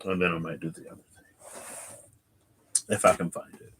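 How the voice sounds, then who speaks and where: On a casual livestream, an American tarot reader with a low voice speaks flatly at a moderate pace, leaving long pauses amid heavy background noise. He sounds sleepy, often excusing his yawns while he thinks aloud, searches and reads chat.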